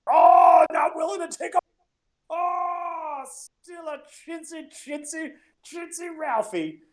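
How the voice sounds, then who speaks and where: Guy doing a loud high-pitched heckling gambler with a lazy eye, yelling taunts from across the table. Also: slow pace, echoey room. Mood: mocking. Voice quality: loud mocking shout, high strained.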